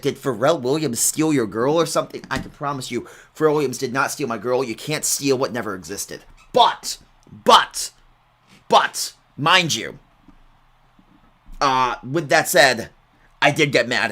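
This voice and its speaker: A young man hosts an online game broadcast and rambles through casual halftime stories. His voice is bright and his pitch swings widely, and he often bursts into exaggerated outrage.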